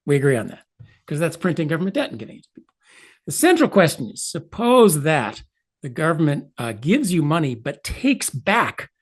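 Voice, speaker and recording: An older man explains ideas as an interview guest. His pitch swoops widely as he stresses points. He drops in wry, offhand asides. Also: normal speed, husky. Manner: animated, emphatic, wry asides. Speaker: economist guest.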